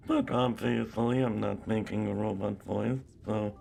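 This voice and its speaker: A synthetic male text-to-speech voice reading chat messages in a flat, robotic delivery. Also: fairly low pitch, measured pace, gravelly, soft background music.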